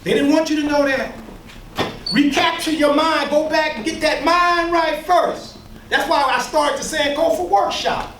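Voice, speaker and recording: Emphatic male speaker with a very high voice, preacher-like cadence, heard from far off in an echoey room. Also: fairly even intonation, unhurried, background noise. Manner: emphatic, preacher-like, with call-and-response and mocking asides. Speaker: workshop leader and speaker. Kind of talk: lecture to a live audience.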